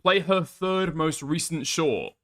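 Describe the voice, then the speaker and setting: Bright-voiced mocking male streamer. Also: fairly high pitch, takes it slowly. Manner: mocking, crude, laughs often. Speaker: streamer reacting to videos. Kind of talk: profane live reaction commentary.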